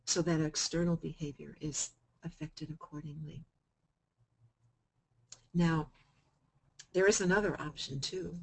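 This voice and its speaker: A woman giving a coaching self-help talk to a group, switching between calm explanation and sudden loud, playful emphasis. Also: deep voice, husky, low-quality recording.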